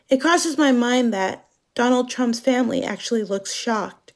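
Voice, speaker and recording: Slow, measured woman narrating. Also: fairly high pitch, lively intonation. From Germany. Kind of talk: scripted dramatic monologue.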